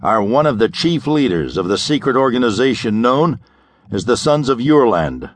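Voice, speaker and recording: A man's voice: medium pitch, sing-song, normal speed, no room sound. A man voicing a grim intelligence agent who accuses and presses a prisoner, in an audiobook. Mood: accusing.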